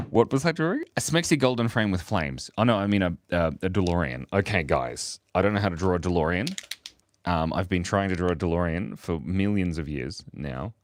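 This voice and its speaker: An Australian man with a deep voice chats casually while drawing on a livestream, with slight background noise behind him. He's playful, reads viewer comments aloud, and laughs often.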